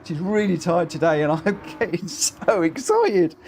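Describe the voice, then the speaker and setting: A man commentating a racing game live, excitable, cheering drivers on and breaking into shrieks of laughter. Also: high-pitched, a little slow, gravelly, slight background noise. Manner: cheers drivers on with repeated phrases.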